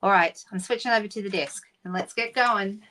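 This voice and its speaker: A middle-aged woman hosts a live stream in a relaxed, chatty way. She greets viewers one by one and talks through her plans with easy fillers. Her voice sits at an ordinary middle pitch. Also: fairly quick. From Australia. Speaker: papercraft demonstrator hosting a live stream. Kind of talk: casual live-stream chat.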